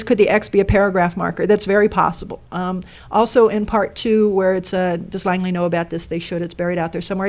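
A woman's voice: medium pitch, darkish tone. Woman presenter, explanatory, questions to the room, live talk. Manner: explanatory, asks the audience questions. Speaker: speaker giving a talk on a code sculpture. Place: lecture room with an audience.

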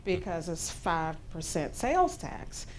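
A woman's voice: on the low side, big pitch swings, a little slow, slight background noise. A woman in the audience asking the speaker a question in a conversational way. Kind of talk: question from the floor.

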